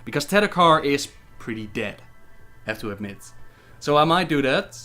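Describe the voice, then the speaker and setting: Guy doing a casual live q&a, reads out chat questions and rambles an answer, voice a bit on the high side, faint music under it. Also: very animated, normal speed, bright, forceful tone. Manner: reads viewer questions aloud then answers them chattily. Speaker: gaming lore livestreamer. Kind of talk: casual livestream Q&A.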